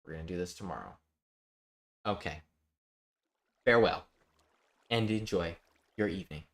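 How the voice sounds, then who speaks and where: A man's voice: low-pitched, a little fast. A man chatting casually with his viewers while live-streaming a building game, reading out chat and joking. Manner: chatty, reads chat aloud, jokey.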